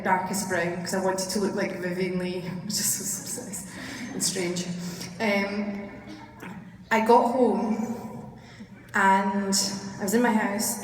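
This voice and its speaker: A Scottish woman, an actor and panel guest, tells rambling stories at a convention panel and laughs often. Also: medium pitch. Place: large convention hall. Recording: echoey hall from far off. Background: hall ambience and noise.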